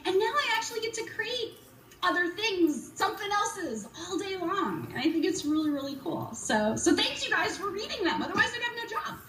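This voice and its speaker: A woman's voice: very high voice, very animated, a little fast, a bit bright, reverberant, recorded from a distance, rough recording. A woman in her forties, a children's book author, answering kids' questions in a bubbly, upbeat way. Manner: bubbly, upbeat, talks to kids. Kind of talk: virtual school visit Q&A.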